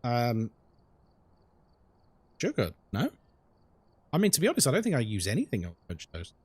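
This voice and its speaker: A man's voice: medium pitch, huge pitch swings, normal speed, husky, no echo. A young man streaming a ghost-hunting game live, chatting casually with his chat while he plays and reacting to what happens in the game.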